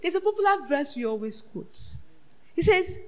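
A woman preaching a sermon, swinging from shouted peaks to hushed asides and asking the congregation rhetorical questions. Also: very high-pitched, big pitch swings, normal speed.

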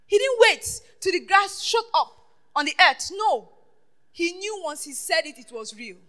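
High, bright-voiced woman preaching. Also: sing-song, measured pace. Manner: call-and-response questioning the congregation; swings between loud declarations and hushed asides. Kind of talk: sermon.

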